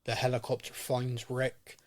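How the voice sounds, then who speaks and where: A man's voice: mid-range voice, monotone, measured pace. A sounding man co-hosting a podcast in casual chat, rambling and repeating words as he starts sentences. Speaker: podcast co-host.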